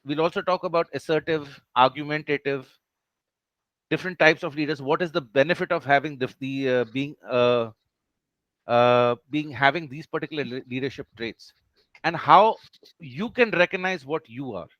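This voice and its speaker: A man's voice: fairly high pitch, moderate pace, fairly bright tone, no room sound, lo-fi sound. A man teaching an online class over a video call, who explains each point patiently and keeps checking that his students follow.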